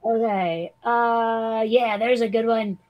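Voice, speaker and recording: A woman's voice: fairly high pitch, steady tone, slow, dull audio, a little hiss or hum. A woman co-hosting a podcast, chatting casually with a drawling Valley Girl voice, rambling, joking crudely and using many fillers. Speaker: podcast co-host. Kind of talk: casual chat.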